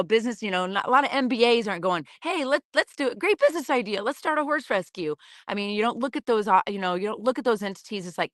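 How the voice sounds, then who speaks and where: A woman's voice: lowish voice, a bit bright, dry recording, studio quality. A middle-aged woman telling her story in a casual, chatty way, full of fillers and restarts, acting out the voices of people she quotes. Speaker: podcast host and horse programs founder.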